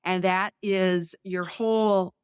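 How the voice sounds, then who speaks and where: A middle-aged woman guest on a podcast, walking through small talk advice step by step. Her voice sits a little low, and she backs up each point with a personal story. The sound is dry and close. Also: fairly even intonation, takes it slowly, dry recording. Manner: clear, instructive, illustrates points with anecdotes. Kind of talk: explaining conversation tips in an interview.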